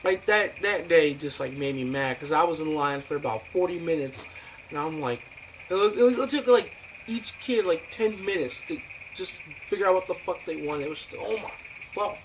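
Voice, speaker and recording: A young male vlogger rants through a rambling, profane story packed with fillers and acted-out quotes, recorded at home with plenty of noise. His voice is a little high, with lively intonation and a normal pace.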